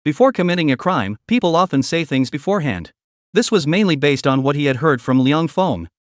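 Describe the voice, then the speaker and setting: A man narrating a recap story in a scripted, lively storytelling manner. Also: fairly high pitch, brisk, no room sound, clean studio sound.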